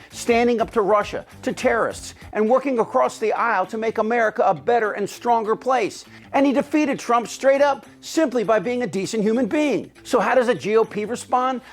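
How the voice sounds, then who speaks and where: Male host, scripted political commentary, cutting and sarcastic, faint music bed. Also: high voice. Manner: biting, sarcastic delivery.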